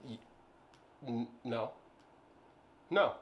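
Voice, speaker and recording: A man's voice: drawn-out words, highs cut off, slight background noise. A man talking casually about his business, rambling and playful, with lots of "like, I don't know" and sudden jumps when he jokes. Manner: animated, jumps high when joking. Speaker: business owner, co-host. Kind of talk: casual chat.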